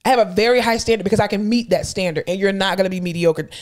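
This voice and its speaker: A woman in her thirties co-hosts a casual podcast and talks at a quick clip. She is blunt and emphatic and swears freely as she tells workplace stories, at an even middle pitch. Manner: blunt, fast-talking storyteller, profane and emphatic. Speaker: podcast co-host and clinical instructor.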